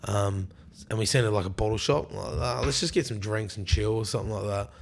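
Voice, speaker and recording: A man's voice: lowish voice, fairly quick, vocal fry. A young Australian man on a podcast, telling a rowdy tour story in casual chat, swearing freely and acting out what people said. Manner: swears a lot, acts out quotes. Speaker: guest.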